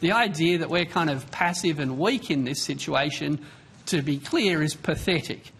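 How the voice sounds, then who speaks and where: Aussie guy at an inquiry, higher voice, fiery, arguing hard. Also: moderate pace, breathy edge. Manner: forceful, combative argument. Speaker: think-tank witness. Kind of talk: inquiry testimony.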